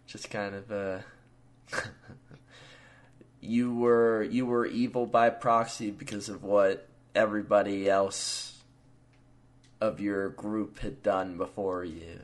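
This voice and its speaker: A podcast host with a fairly low, flat voice speaks slowly with long pauses. He talks in a laid-back way, chuckling and using many fillers, then reads his own story aloud.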